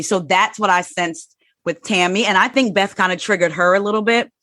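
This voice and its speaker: A woman in her forties talking candidly in a casual chat, animated and telling personal stories. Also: mid-range voice, normal speed, no room sound, clean studio sound. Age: 40s. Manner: candid and animated, acts out quoted voices. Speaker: podcast guest.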